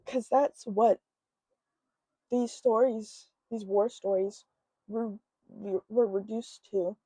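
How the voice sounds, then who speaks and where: Mellow-voiced woman, emotional book vlog. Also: medium pitch, fairly even intonation, dry recording, rough recording. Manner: emotional, halting, many fillers. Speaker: book vlogger. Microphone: own microphone close up.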